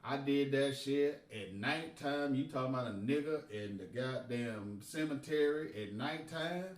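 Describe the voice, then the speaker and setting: A man telling a profane, animated story in casual podcast chat. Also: mid-range voice, measured pace. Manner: animated, profane, emphatic retelling. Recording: roomy and distant from the mic.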